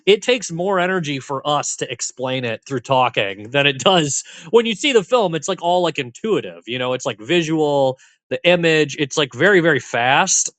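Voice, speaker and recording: A man's voice: on the high side, expressive, normal speed, a bit bright, dry recording. A man co-hosting a podcast, chatting casually about a film, rambling with many fillers and restarts. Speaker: podcast co-host.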